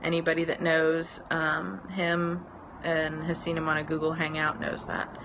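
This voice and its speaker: Recorded lo-fi on an outdoor porch with road noise, a woman in her thirties who works as a business mentor rambles casually on a live stream. Her voice is deep and gravelly, a little slow, peppered with ums and easy laughs.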